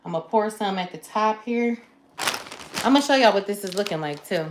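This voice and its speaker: A woman's voice: medium pitch, expressive, normal speed, background noise. A woman hosting a live cook-along from her home kitchen, chatting with viewers and talking through each step. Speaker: livestream cooking host. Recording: roomy kitchen echo. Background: clatter of dishes and pans.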